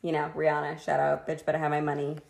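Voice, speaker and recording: A woman with a low, gravelly voice tells a history story in a casual chat, swearing and joking as she goes. She sounds a little tipsy from wine. The recording has a noticeably echoey room sound. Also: monotone, fast talker, a little mellow. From Washington state, US. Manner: crude, jokey, laughs often. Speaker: podcast co-host telling a history story.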